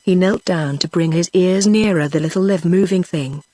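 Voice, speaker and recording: A text-to-speech woman's voice with a British English accent, reading a children's storybook aloud in an even, steady way. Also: on the low side, moderate pace, no room sound. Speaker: audiobook narrator. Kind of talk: scripted narration.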